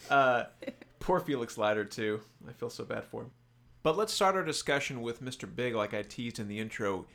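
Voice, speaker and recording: A man's voice: medium pitch, normal speed, vocal fry, fairly bright tone. A man co-hosting a podcast, chatting casually about a spy novel with a self-mocking, easygoing manner. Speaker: podcast co-host. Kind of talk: casual book discussion.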